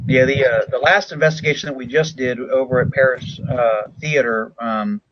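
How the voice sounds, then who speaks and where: A man's voice: medium pitch, fairly even intonation, moderate pace, a bit bright, dry recording. A man speaking as a paranormal investigator guest in casual chat, chatty and laughing between phrases. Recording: dull lo-fi sound.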